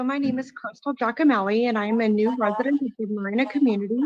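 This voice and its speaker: A woman's voice: fairly high pitch, no echo, muffled recording. A woman giving an earnest, emotional public comment at a city council meeting, reading out prepared remarks.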